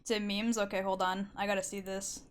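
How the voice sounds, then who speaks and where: A woman streamer in relaxed chat while she draws live, swearing often and laughing easily. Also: mid-range voice, a little fast. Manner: calls herself loud.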